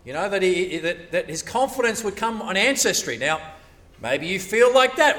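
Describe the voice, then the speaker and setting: A man preaching a sermon, animated and conversational, often acting out the voices of churchgoers. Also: high-pitched, normal speed, recorded from a distance.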